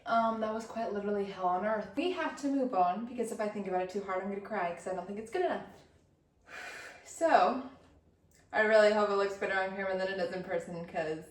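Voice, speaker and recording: Woman home baker, casual and self-deprecating, roomy echo, a bit far from the mic. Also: medium pitch. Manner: chatty, self-deprecating, jokey. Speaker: baking vlogger. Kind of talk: casual chat while baking. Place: cold kitchen. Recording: roomy, from a distance.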